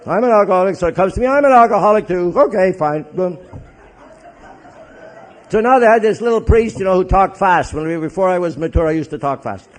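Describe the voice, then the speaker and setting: Canadian man, priest speaker at a meeting, joking storyteller, slightly high voice. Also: a little fast, pauses often. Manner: joking, animated storyteller who acts out others' voices. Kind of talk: humorous recovery storytelling to an audience.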